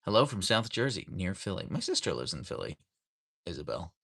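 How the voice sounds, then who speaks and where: A man hosts a relaxed livestream from home and talks to a camera on a tripod. His fairly low voice has a gravelly edge, and his pitch swings widely as he greets viewers by name and reads out their comments. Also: brisk. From United States. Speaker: livestream host reading chat. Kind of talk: casual livestream chat. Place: home, rainy day.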